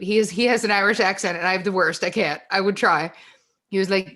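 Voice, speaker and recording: Woman host, warm-up storyteller on a video call, mid-pitched, chatty and laughing. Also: fast talker. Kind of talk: casual chat on a video call.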